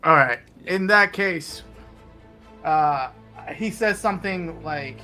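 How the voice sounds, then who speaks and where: A man's voice: on the high side, slow, bright, forceful tone, soft background music. A man playing a tabletop game, hesitantly describing what his character does. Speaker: player.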